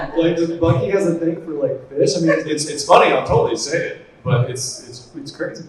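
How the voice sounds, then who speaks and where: A man's voice: mid-range voice, fairly quick, few pauses. Man, mid-range voice, chatty panel storyteller, roomy far-off hall sound. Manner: animated, laughing storyteller who acts out quotes. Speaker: animation director on a panel. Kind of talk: casual convention panel talk. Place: large convention hall. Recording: echoey hall from far off with noise.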